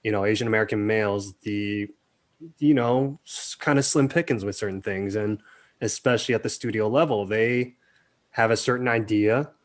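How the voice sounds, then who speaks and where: A man in a casual interview, recalling his career in a relaxed, talkative way. He slips into quoted voices as he tells stories, and his voice sits on the low side. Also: normal speed. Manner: animated storyteller, acts out quotes. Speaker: film director, interview guest.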